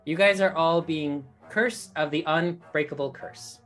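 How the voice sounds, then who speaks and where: A woman's voice: low-pitched, unhurried, soft background music. A woman running a tabletop game as dungeon master, explaining rules with many fillers and restarts.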